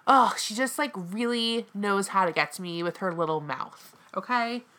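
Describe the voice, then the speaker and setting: A woman's voice: mid-range voice, lively intonation, normal speed, fairly bright tone. A young woman from the American South, chatting opinionatedly about a reality show and mimicking people dramatically. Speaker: co-host. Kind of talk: casual reality-TV recap chat.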